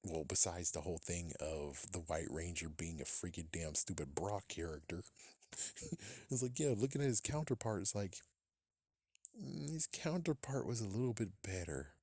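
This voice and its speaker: A man's voice: low voice, expressive, moderate pace, a little mellow, dry recording, studio quality. A man hosting a podcast, ranting casually in a profane, exasperated way and laughing at his own jokes. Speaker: podcast host.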